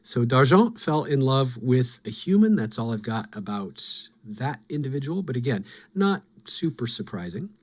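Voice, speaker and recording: A man's voice: medium pitch, very animated, moderate pace. A man hosting a podcast, talking through game lore in a casual, musing, self-deprecating way. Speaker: podcast host.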